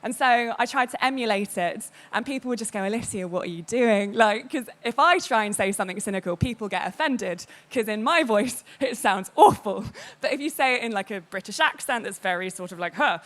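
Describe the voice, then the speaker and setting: A woman giving a candid, animated public talk to an audience about working in games media. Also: fairly high pitch, fairly quick. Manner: animated and candid, quotes others in lively voices.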